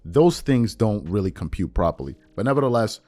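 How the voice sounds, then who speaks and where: Male podcast host, low voice, casual opinion talk; animated, repetitive, gets loud when fired up. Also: fairly quick. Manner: animated, repeats phrases, rises to near-shouting when riled. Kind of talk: casual commentary monologue.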